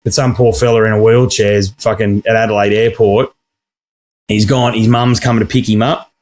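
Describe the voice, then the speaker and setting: A man's voice: on the low side, flat delivery, normal speed, darkish tone. An Australian man co-hosting a podcast, telling stories in a sweary, ranting way and acting out the people he quotes. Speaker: podcast co-host. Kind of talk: casual chat.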